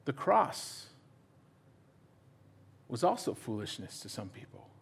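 A middle-aged male pastor giving a sermon, animated and acting out little dialogues in different voices. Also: mid-range voice, slow pace, creaky, slight background noise.

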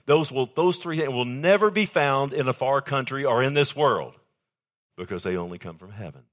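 Guy preaching a sermon, emphatic, drops quiet then gets loud, keeps asking the room to respond. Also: medium pitch, animated, normal speed. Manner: emphatic, swings between soft and loud, asks the congregation for response.

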